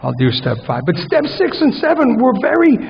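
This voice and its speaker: Brief: high-voiced male conference speaker, wry and rambling, dull recording in a big echoing hall. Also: wildly swooping pitch, moderate pace, vocal fry, slight background noise. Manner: self-mocking, rambling, comic asides. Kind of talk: conference talk. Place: large conference hall with an audience.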